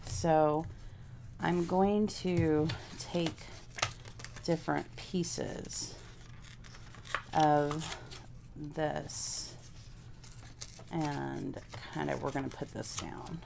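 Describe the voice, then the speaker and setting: A woman's voice: deep voice, steady tone, extremely slow, gravelly, pauses often, noisy background. A woman from Texas, chatting casually with live viewers while she works on a craft project and thinks aloud. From Houston, Texas. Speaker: craft vlogger.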